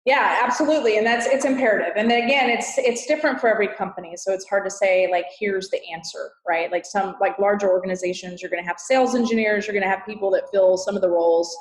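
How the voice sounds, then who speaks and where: A woman with a Texas accent speaks as a podcast guest in an earnest, emphatic way, often laying her points out as lists. Her voice sits at a middle pitch. It is recorded in a roomy space with noticeable echo. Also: fast, hardly any pauses. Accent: Texan. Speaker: guest, customer success consultant. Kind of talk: podcast interview.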